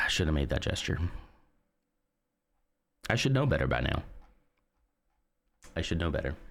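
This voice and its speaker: A man's voice: a bass voice, big pitch swings, measured pace, creaky, fairly bright tone. A man streaming live, chatting casually and rambling as he reads and answers his chat.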